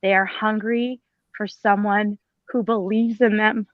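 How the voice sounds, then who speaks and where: A woman's voice: mid-range voice, level tone, a little slow, no echo, phone-quality sound. A woman, a former teacher, speaking on a panel in an emphatic, pleading, blunt way with some mild swearing. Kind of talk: impassioned panel talk.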